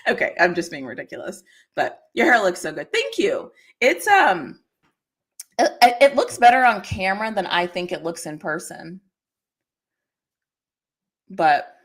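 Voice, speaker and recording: Bright, animated woman chatting live. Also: medium pitch. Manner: chatty, laughs often, answers chat comments. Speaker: livestream host. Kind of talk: casual livestream chat.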